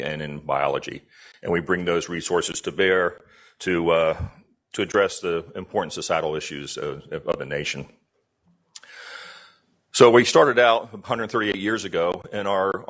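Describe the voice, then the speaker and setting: A middle-aged man with a very low voice delivers a conference keynote. He talks in a folksy, halting way, restarting phrases and slipping in jokes. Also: a bit bright. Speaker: keynote speaker, agency deputy director.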